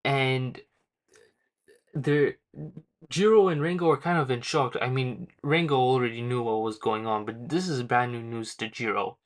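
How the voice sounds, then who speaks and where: A man's voice: mid-range voice, steady tone, a little slow. Young man rambling through a manga recap. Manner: rambling, filler-heavy, slangy retelling. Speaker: manga reviewer. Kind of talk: casual chapter recap.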